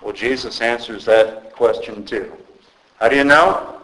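A man's voice: mid-range voice, a bit bright, low-quality recording. Male pastor, earnest and conversational sermon, mid-range voice, stumbles and restarts. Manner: earnest, halting with repeated restarts.

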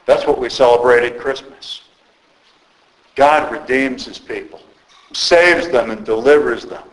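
In poor audio, a male pastor delivers an earnest, conversational sermon in a medium-pitched voice. He keeps stumbling and restarting, so his delivery comes out halting.

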